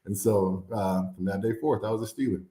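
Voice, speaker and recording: Man, former athlete guest, lowish voice, animated storytelling, roomy echo. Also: a little fast, crowd noise. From Fort Wayne, Indiana. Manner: animated storyteller, acts out quotes, laughs often. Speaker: former NFL player, guest. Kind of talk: storytelling interview. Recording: echoey room.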